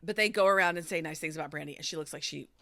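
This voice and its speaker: Bright-voiced woman recapping reality TV. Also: deep voice, rapid-fire, no room sound. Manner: chatty storytelling, acting out quotes, swearing freely. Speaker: podcast host.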